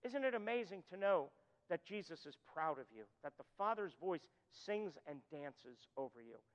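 An earnest male pastor preaches, easing his pace and softening on the lines he wants to land. His voice sits high for a man. The recording is dull and muffled, with a long church reverb trailing behind him. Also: expressive, normal speed. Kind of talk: sermon. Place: church sanctuary.

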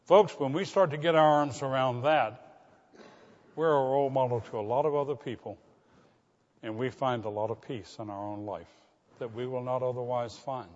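A man's voice: mid-range voice, moderate pace, a little mellow. Older male pastor preaching in a reverberant hall. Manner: earnest, asks the congregation direct questions. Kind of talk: sermon. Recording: dull recording with long hall reverb.

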